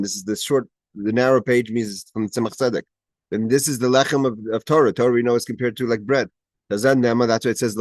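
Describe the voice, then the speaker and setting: A man's voice: medium pitch, no room sound. A man teaching a Torah class over a video call. He explains Hebrew quotes in English, often restarts his sentences, and gets emphatic at key points. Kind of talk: explaining a Hebrew text line by line.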